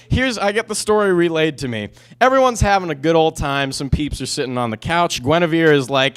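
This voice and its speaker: A young man doing stand-up, his voice sitting a little high for a guy. He rambles through his story, doubling back and restarting mid-sentence. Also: moderate pace, fairly bright tone, smooth. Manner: rambling, self-interrupting storytelling. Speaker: stand-up comedian. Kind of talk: stand-up comedy set.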